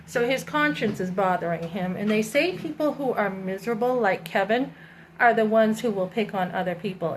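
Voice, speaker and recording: A middle-aged woman telling a personal story in a candid vlog, acting out what other people said in lively bursts. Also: medium pitch, a little hiss or hum, poor audio. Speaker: vlogger.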